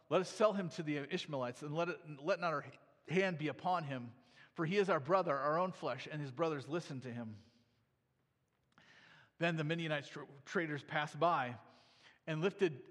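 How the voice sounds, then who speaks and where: Male preacher, fairly high voice, reads scripture then explains it in a loose, talky way; long reverb of a hall. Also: fairly bright tone. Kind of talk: sermon with scripture reading.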